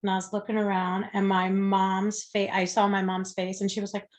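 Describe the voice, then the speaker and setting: A woman's voice: mid-range voice, completely flat delivery, a little fast, few pauses. A woman guest telling a personal story in a conversation, speaking candidly, swearing freely and acting out the people she quotes. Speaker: interview guest.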